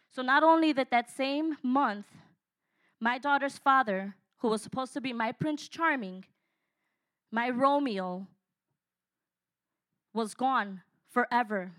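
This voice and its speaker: A woman's voice: fairly high pitch, a bit bright. A woman in her fifties giving an impassioned personal testimony, speaking earnestly and directly to her listeners. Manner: earnest, addresses listeners directly, dynamic delivery.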